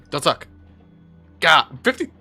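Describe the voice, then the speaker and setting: Guy playing a tabletop game, cusses a lot, highish and bright. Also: very slow, faint music behind. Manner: excitable, swears often. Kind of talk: casual tabletop game chat.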